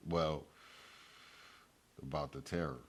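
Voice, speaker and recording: A man's voice: a bass voice, slow pace, slightly rough. A middle-aged man telling a story in a casual, slangy, profane way, acting out the lines of the people in it. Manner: animated, acts out quoted lines, slangy and profane. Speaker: guest telling his life story. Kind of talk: casual storytelling in a therapy-style talk show.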